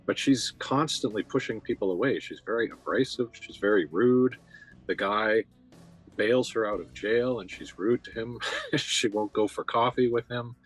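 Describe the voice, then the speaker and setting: Very low husky guy talking movies, slow and thoughtful, some ums, faint music. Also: rough recording. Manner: thoughtful, measured, hesitant fillers. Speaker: podcast co-host. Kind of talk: casual film discussion.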